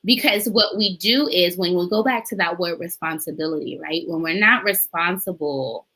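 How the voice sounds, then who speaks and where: Bright-voiced woman podcast host. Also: lowish voice, rough recording. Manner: animated, acts out child voices, laughs often. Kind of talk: casual conversational interview.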